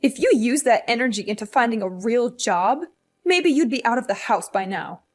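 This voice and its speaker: A woman's voice: fairly high pitch, lively intonation, moderate pace. A woman voicing a demanding, guilt-tripping older mother in a hospital bed, in a scripted story drama, with a scolding, condescending manner. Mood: indignant. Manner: scolding, condescending, self-pitying.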